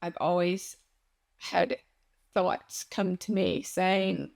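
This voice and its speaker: A woman talking to her viewers in an emotional personal vlog, speaking haltingly as she holds back tears. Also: lowish voice, steady tone, vocal fry, a little mellow. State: close to tears. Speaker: spiritual vlogger.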